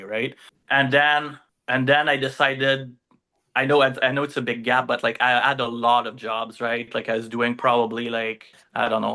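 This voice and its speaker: A man's voice: medium pitch, sharp tone. A man with a French accent, a native French speaker, telling his story as a podcast guest in a rambling way, full of fillers and tag questions. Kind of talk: casual interview storytelling.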